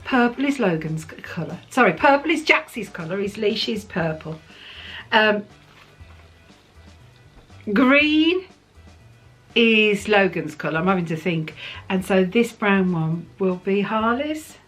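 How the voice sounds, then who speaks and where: An English woman from the UK, a vlogger chatting excitedly while unboxing gifts, gushing and laughing often and cooing playfully at her dogs. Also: medium pitch, a little slow, pauses often, soft background music. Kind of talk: casual unboxing chat.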